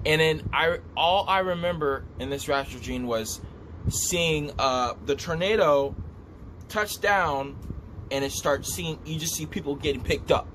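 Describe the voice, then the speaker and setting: A man telling a vivid dream story in a casual, animated way, repeating himself as he describes what he saw. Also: fairly high pitch, a little slow, slight background noise. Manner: animated, repetitive, gestures while describing. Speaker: vlogger recounting a dream.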